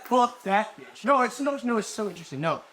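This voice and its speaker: A man's voice: high-pitched, big pitch swings, fairly quick. A man in his twenties doing a live stand-up set, rambling and profane, laughing at his own jokes. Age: 20s. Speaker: stand-up comedian. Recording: noisy live venue recording.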